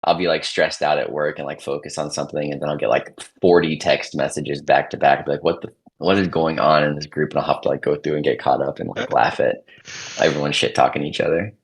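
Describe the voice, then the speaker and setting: A man in his thirties, a podcast guest, talking casually in a subdued, near-monotone way. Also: very deep voice, a little fast, husky. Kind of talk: casual chat.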